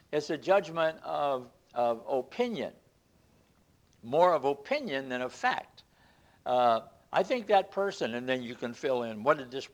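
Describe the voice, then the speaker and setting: A man preaching to a congregation in an easy, conversational teaching way. He stops and restarts his sentences often and lifts into quoted scripture as he explains it. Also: medium pitch. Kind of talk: sermon.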